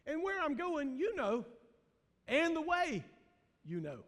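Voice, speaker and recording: A man's voice: very high-pitched, wildly swooping pitch, slow pace, a bit bright. A man, a pastor preaching a sermon in a folksy way, asking the congregation questions and laughing often. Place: church sanctuary. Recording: long reverb of a church hall.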